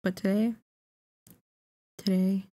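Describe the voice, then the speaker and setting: A woman streamer reading a story game aloud in slow, soft narration. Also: mid-range voice, level tone.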